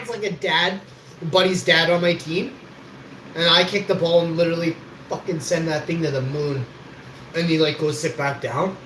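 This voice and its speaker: A man's voice: on the high side, steady tone, normal speed, fairly bright tone. A man telling rambling, boastful stories on a livestream and swearing freely. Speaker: livestream host. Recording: echoey room with background noise.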